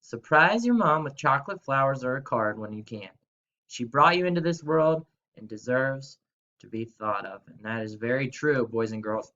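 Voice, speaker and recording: Young male teacher, chatty video lesson for kids, mid-pitched, slightly muffled recording. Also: animated, normal speed, bright, forceful tone. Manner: upbeat, chatty, talks straight to kids. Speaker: third-grade teacher.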